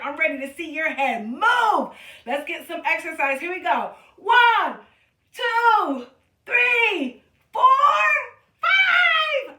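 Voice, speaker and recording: A woman's voice: high voice, sharp tone. A woman reading a storybook to young children and leading them through movement exercises, counting aloud and coaxing them along. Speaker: preschool teacher reading aloud. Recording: roomy echo from a distant camera.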